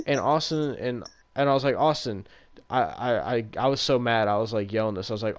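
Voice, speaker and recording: A man's voice: medium pitch, moderate pace. A man co-hosting a podcast in casual chat, ranting in an exasperated, profane way about a wrestling match. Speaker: podcast co-host.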